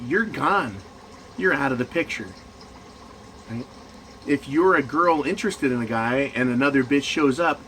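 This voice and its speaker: A man's voice: mid-range voice, fairly bright tone, a little hiss or hum, poor audio. A man in management ranting crudely and mockingly in a profane monologue. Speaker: commentator.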